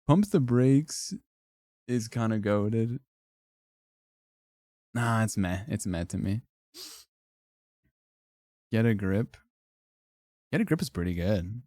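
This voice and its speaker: A man's voice: lowish voice, a little mellow, dry recording, studio quality. A young man streaming casual commentary, reacting offhand and wryly to phrases he ranks, with frequent swearing and laughter.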